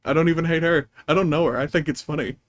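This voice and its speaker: A man's voice: on the high side, fast talker, no room sound. Rambling, amused male game streamer. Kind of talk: casual chat while gaming.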